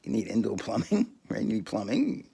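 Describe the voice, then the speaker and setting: A man's voice: lowish voice, sing-song, brisk, vocal fry, dark tone, breathy edge. A man talking alone on his podcast, crude and rambling, often breaking into laughter and restarting his sentences. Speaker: podcast host. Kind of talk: rambling solo monologue.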